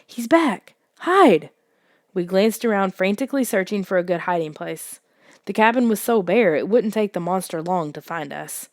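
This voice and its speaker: A woman narrating a children's suspense story in a soft, hushed audiobook reading. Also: fairly low pitch, moderate pace, no echo, clean studio sound.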